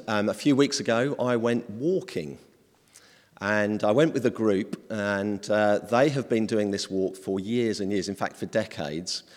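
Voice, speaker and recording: Low-voiced preacher in a reverberant hall. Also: male voice, darkish tone. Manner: conversational and hesitant, with many ums. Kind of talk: informal sermon.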